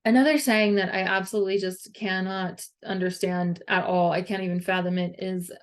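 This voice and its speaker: Female parenting vlogger, casual earnest monologue, medium pitch, chatty filler words. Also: steady tone, brisk. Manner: earnest, conversational, heavy use of "like".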